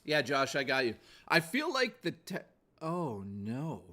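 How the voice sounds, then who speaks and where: Male streamer at home, lively swinging voice, raunchy rambling banter. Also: a little high, unhurried. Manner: crude, profane joking, rambling. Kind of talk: casual livestream chat.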